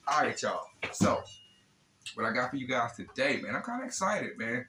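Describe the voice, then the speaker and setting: This RC hobby channel host has a mid-range voice with a sharp tone and big pitch swings, speaking a little slowly with long pauses. In an echoey indoor room he calls his lab, with faint noise in the background, he unboxes gear in a relaxed, slangy manner, frequently adding "man" and "you know what I'm saying."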